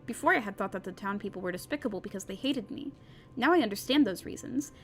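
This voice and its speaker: A woman's voice: medium pitch, animated, fast, soft background music, voice pushed down, close to an everyday voice. A woman voicing a defiant young princess heroine in an earnest, plain reading.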